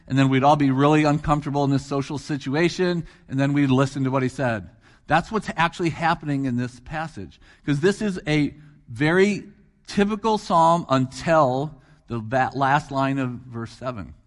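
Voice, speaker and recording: A man's voice: medium pitch, long reverb tail. A middle-aged man preaching a sermon as guest preacher, talking in a conversational way, asking the congregation questions and repeating phrases for emphasis. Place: church hall.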